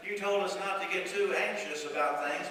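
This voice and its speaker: A man's voice: sits high, moderate pace, far from the mic, voice pushed up, natural voice. A man voicing a very old male parishioner who complains with dry, mock-aggrieved teasing. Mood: mock grievance. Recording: echoey church hall, mic from afar, noisy.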